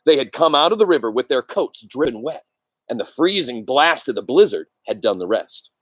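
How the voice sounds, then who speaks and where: A man reading a novel aloud with expressive delivery, pausing for asides to his listeners. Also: mid-range voice, no echo. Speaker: reader.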